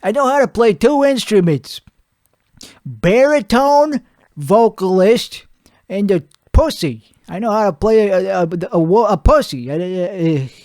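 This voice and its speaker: A man's voice: high-pitched, expressive, unhurried, darkish tone, no room sound, clean studio sound. A man playing a brash, crude washed-up male singer-comedian who rants and rambles about his producer, his voice weak and strained from singing. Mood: ranting. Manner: crude, rambling, boastful, self-mocking. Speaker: comedy show host. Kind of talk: improvised comedic rant.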